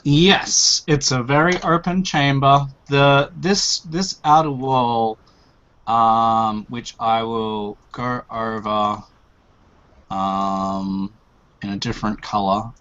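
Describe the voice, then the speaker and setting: A man acting as dungeon master in a tabletop game, speaking slowly with many pauses and fillers. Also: medium pitch, steady tone, fairly bright tone. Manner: slow, unhurried, with many fillers. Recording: dull lo-fi sound.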